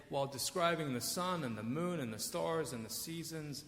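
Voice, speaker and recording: A man's voice: fairly high pitch, normal speed, hardly any pauses, fairly bright tone. A middle-aged man preaching a sermon as pastor, telling stories with wry, self-deprecating asides. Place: church sanctuary. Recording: echoey church hall.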